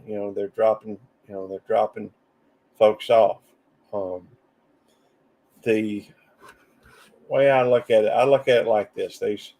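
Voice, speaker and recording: A man with a Southern drawl chats casually to his live stream audience. His voice sits low with a gravelly fry to it. He wanders between thoughts and breaks off to greet viewers from the chat. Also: darkish tone. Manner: rambling, drawling, reads chat comments aloud.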